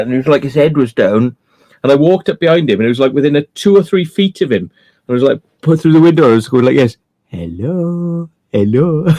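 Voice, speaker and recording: A man's voice: on the high side, darkish tone. A man hosting a casual live-stream chat, laid-back and rambling, swearing freely as he tells stories. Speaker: livestream host.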